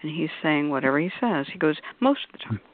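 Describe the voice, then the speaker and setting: Animated and fast-talking, a woman with a low voice sits on a call-in radio discussion panel. She explains things at length in a chatty manner, voicing the people she quotes in her examples, all over a dry, tinny line that sounds like a phone.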